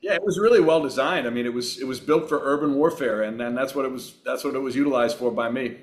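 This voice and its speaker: A middle-aged man from Long Island telling wry, relaxed anecdotes as a guest in a casual interview. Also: medium pitch, fast. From Long Island, New York. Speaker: actor and racer, guest.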